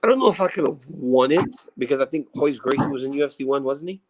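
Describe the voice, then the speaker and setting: Relaxed reflective man talking shop. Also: medium pitch, fast talker, a little hiss or hum, rough recording. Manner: relaxed, reflective, restarts sentences. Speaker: guest, former fighter. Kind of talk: casual interview talk.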